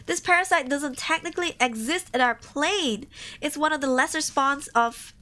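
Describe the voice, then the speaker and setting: A woman's voice: sits high, normal speed, sharp tone. A woman streamer reading horror stories aloud on a live stream, casual and emotional, reacting between passages. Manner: casual, swears often.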